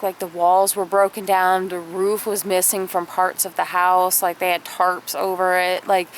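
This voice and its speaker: A woman's voice: medium pitch, a little hiss or hum. A woman vlogger telling a family story in a chatty, casual way, full of fillers and acted-out quotes.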